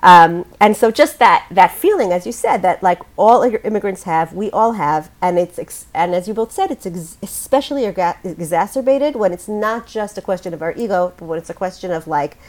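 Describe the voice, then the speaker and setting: A woman's voice: mid-range voice, animated, brisk, hardly any pauses. Rambling woman on a podcast panel. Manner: rambling, many restarts. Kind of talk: casual chat.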